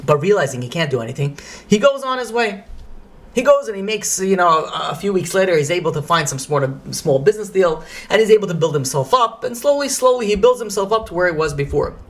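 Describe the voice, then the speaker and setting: A rabbi telling a story in a lively lecture, sprinkling in Hebrew and Yiddish phrases. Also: male voice, high-pitched, fast talker.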